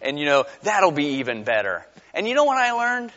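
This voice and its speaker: A man's voice: on the high side, huge pitch swings, a little fast, fairly bright tone, big-room sound, highs cut off. A middle-aged man preaching a conversational sermon as pastor, building to emphatic peaks.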